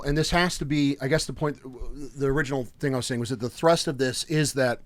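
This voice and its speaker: Recorded with no echo, a man in his thirties speaks in a mid-range voice as a podcast co-host. The talk is casual, and he tells animated stories, laughing often mid-sentence.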